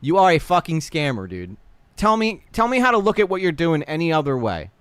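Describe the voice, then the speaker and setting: A man hosting a casual livestream reaction, animated and blunt, swearing freely while talking to his chat. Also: fairly high pitch, a little fast, clear, resonant tone, dry recording. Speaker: livestream host.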